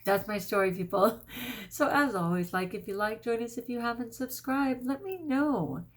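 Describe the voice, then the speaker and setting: A woman's voice: on the high side, expressive, normal speed. A middle-aged woman vlogger telling a personal story in a casual, earnest and emotional way, with a prayerful tone.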